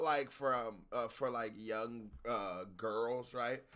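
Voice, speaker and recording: Bright-voiced, profane male reaction host. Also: takes it slowly, smooth. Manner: animated, blunt and profane, jumps into high-pitched exclamations. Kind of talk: casual reaction commentary.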